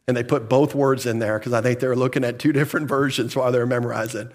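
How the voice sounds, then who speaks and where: Pastor preaching with questions to the congregation. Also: male voice, medium pitch, steady tone, fast talker. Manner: asks the congregation questions and answers them; chuckles now and then while preaching. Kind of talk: sermon.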